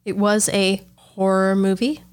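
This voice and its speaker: A woman co-hosting a podcast in casual chat, chatty and quick to laugh. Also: medium pitch, flat delivery, clean tone. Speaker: podcast co-host.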